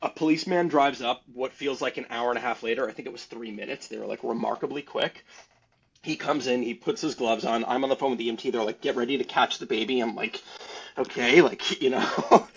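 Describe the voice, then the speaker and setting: A man's voice: mid-range voice, brisk, slightly rough. A man on a podcast telling a story casually and animatedly, rambling and laughing between lines. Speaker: podcast guest. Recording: dull lo-fi sound.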